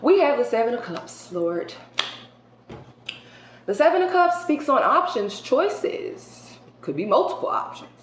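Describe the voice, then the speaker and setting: A woman's voice: a little high, very animated, unhurried. Echoey woman reading tarot cards casually. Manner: colloquial and emphatic, swinging between loud outbursts and hushed asides. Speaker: tarot reader. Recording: roomy echo with faint background hiss.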